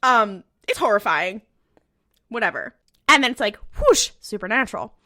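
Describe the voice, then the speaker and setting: A woman's voice: medium pitch, sing-song, moderate pace, bright, forceful tone, no echo, studio quality. A woman co-hosting a podcast, recapping an episode in a breezy, profane way with lots of filler words. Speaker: podcast co-host. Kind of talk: casual rewatch podcast chat.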